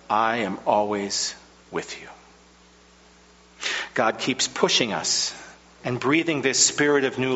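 Male preacher giving a sermon, measured delivery with dramatic pauses, long reverb. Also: mid-range voice, bright, forceful tone, muffled recording.

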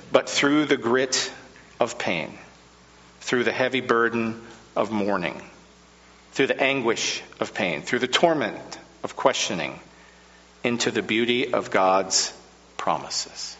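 A man delivering a sermon in a slow, measured preaching style with dramatic pauses. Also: mid-range voice, fairly bright tone, long reverb tail, muffled recording.

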